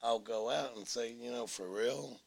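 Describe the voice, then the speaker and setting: A man's voice: mid-range voice, unhurried, gravelly. A middle-aged man, a store owner and guest, chatting casually with wry, dry humor. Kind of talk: casual chat.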